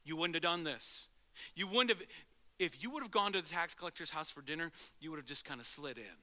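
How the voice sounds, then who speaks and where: A male pastor preaching a sermon in an animated way, swinging from loud to hushed and acting out quotes. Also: fairly high pitch, a little fast.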